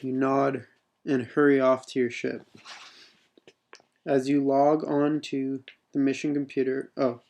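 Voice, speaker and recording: A man's voice: mid-range voice, little pitch movement, slow pace, long pauses, darkish tone. Man casually reading his own story. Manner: unpolished reading with spoken asides. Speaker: writer reading his own mission text.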